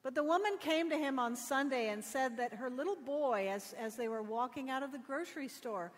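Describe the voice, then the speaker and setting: A middle-aged woman pastor giving a sermon, telling stories with gentle humor. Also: high-pitched, brisk. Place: church. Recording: long reverb of a church.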